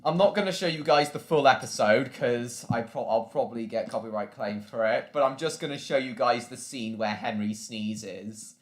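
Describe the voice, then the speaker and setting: Brief: mid-pitched guy hosting a casual stream, chatty and loose, echoey room sound. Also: moderate pace, few pauses. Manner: rambling, chatty, reacts to viewer comments. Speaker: live stream host. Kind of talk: casual live-stream chat.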